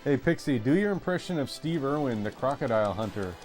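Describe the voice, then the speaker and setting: A man chatting casually while live-streaming a retro game, relaxed and hesitant. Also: medium pitch, brisk, faint music behind.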